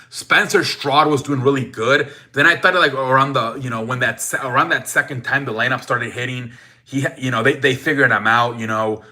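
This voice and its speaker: A man's voice: medium pitch, bright, forceful tone. A young man hosting a sports show, rambling in a profane, casual rant full of restarts and "man" tags.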